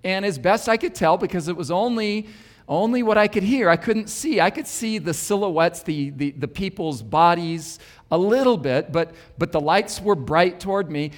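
A man preaching, telling a personal story with an earnest, wry and self-deprecating manner. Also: high voice. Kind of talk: sermon storytelling. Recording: long hall reverb.

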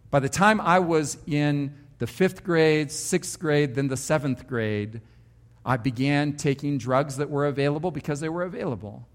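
A man, a pastor, preaching a sermon and telling his own story with emphatic, varied delivery. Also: mid-range voice.

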